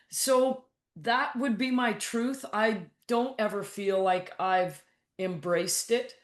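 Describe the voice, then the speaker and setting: A woman's voice: a little high, takes it slowly, echoey room. A woman guest coach speaking frankly and bluntly in a casual interview, acting out her own thoughts in quotes and swearing now and then. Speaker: guest, mental toughness coach.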